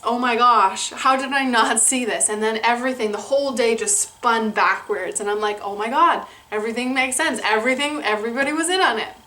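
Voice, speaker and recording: Bubbly young woman, slightly high voice. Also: sharp tone. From Canada. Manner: bubbly and gushing, laughs often. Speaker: vlogger. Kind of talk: casual storytelling to camera.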